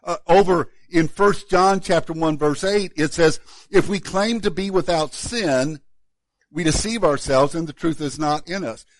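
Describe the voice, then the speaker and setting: A man, a pastor, preaching a sermon in a relaxed, conversational way, often repeating words as he restarts a thought. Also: a little high, measured pace, no echo.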